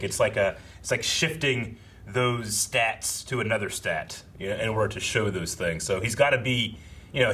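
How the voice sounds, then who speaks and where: A man's voice: on the low side, a bit bright, breathy edge. A man in casual chat, reacting to a film and rambling with lots of "you know" and "like".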